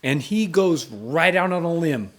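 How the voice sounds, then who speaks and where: A man's voice: fairly high pitch, expressive, unhurried, fairly bright tone. A man hosting the show, giving casual commentary on an interview clip. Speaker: commentator, channel host.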